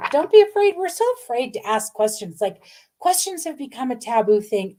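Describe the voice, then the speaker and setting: A woman's voice: fairly high pitch, mellow. A middle-aged woman doing a live card reading, talking in a gushing, meandering way with many fillers. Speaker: intuitive card reader hosting a live stream.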